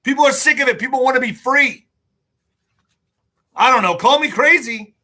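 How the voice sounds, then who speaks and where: A man's voice: very high voice, lively intonation, normal speed, pushed and bright. A man hosting a podcast, reading news aloud and ranting angrily about it, often stumbling over words and swearing. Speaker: podcast host. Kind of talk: casual news commentary podcast.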